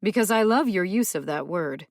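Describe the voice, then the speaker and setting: A stern, practical woman who lays down the rules in a firm, lecturing tone, as a female audiobook narrator voices her. Her voice sits fairly low, and the recording is close and dry. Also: expressive, normal speed, creaky, no room sound. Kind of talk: audiobook character voice.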